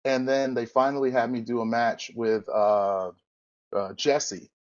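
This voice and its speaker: Unhurried and steady in tone, a mid-range male voice belongs to a former wrestler telling a long, casual story on a podcast. He drifts, corrects himself, and imitates the voices he quotes, all through a muffled recording.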